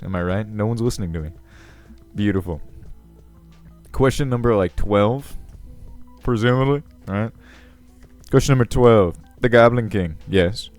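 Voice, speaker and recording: Pompous, rambling ancient goblin king, played by a man, low and crackly, faint music underneath. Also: a little mellow. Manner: pompous, rambling, self-assured. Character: self-important ancient male goblin king. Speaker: video host. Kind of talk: character comedy Q&A.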